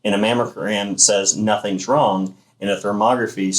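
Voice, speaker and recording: Deep low-voiced guy, explains stuff emphatically, casual health chat, clinic owner vibe. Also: fairly even intonation, rough recording. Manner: emphatic, explanatory, fast-flowing.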